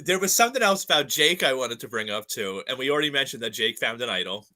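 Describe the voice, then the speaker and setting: Bright-voiced chatty podcast host. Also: male voice, medium pitch, expressive, quick pace. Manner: chatty, laughs often, many "like" fillers. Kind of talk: casual chat.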